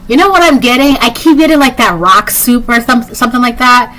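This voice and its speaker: A woman's voice: a little high, expressive, brisk, a bit bright, rough recording. A woman giving a casual tarot reading, rambling and sassy, full of "like" and "um". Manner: rambling, filler-heavy, with frequent "like" and "um". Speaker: tarot reader.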